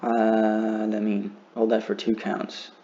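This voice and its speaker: A man with a low, gravelly voice gives a patient beginner lesson. He stretches out the words he is demonstrating, and the recording sounds dull and lo-fi. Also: a little mellow, slight background noise. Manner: patient, explanatory, drawn-out example words. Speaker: teacher. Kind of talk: beginner lesson on Quran recitation.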